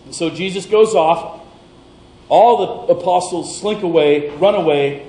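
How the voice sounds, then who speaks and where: A male pastor delivering a sermon, retelling a scripture story in a lively, playful way. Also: high-pitched, unhurried, echoey room, low-quality recording.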